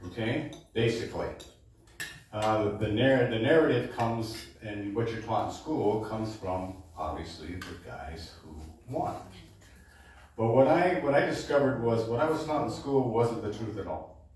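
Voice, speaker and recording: A man's voice: medium pitch, lively intonation, a little slow, a little mellow, a little hiss or hum. Chatty man onstage in an echoey room. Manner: chatty, keeps checking in with "okay?". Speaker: baritone singer introducing his show. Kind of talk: stage introduction to a live audience. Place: supper club performance room. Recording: echoey room, distant mic.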